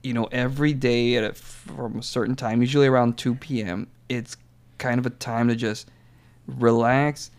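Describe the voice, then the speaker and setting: A man's voice: medium pitch, steady tone, moderate pace. A middle-aged American man hosting a podcast in casual chat, rambling with loose fillers and frequent laughs. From United States. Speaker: podcast host.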